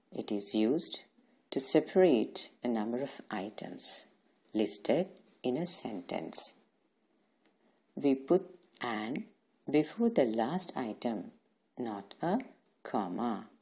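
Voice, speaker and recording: Lady teacher, really deep husky voice, patient, asks the kids stuff then answers it herself. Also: very animated, slow, pauses often, a little mellow. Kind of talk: recorded grammar lesson for young children.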